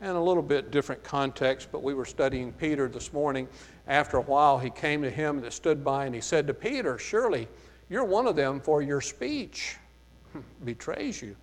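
A man's voice: mid-range voice, expressive, moderate pace. A man with a light Southern US accent teaching a Bible study sermon. He reads verses aloud and then explains them, with frequent "uh, there" fillers. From American South. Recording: long reverb of a hall.

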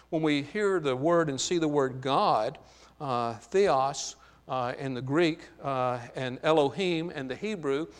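A male preacher delivers a Bible sermon in a deliberate, emphatic cadence, pausing on key words and filling gaps with "uh." His voice sits a little high for a man. The recording carries a long reverb, as in a large church hall. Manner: slow, emphatic Bible teaching with frequent "uh" fillers.

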